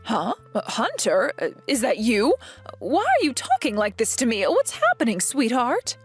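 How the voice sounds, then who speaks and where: A woman's voice: fairly high pitch, huge pitch swings, normal speed, slightly rough, soft background music, full character voice. A woman voicing a possessive, domineering mother-in-law. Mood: pleading. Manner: indignant and accusing. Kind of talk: voiced animated story drama.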